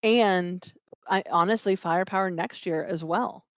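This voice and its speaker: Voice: mid-range voice, a little slow, no room sound, clean studio sound. A podcast co-host chatting casually and laughing easily. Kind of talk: casual sports chat.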